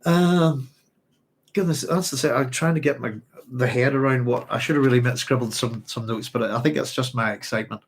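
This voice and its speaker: A man's voice: medium pitch, brisk, slightly rough. A man hosting a live chat, rambling and hesitant as he reads out viewer comments. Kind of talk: casual live-stream chat.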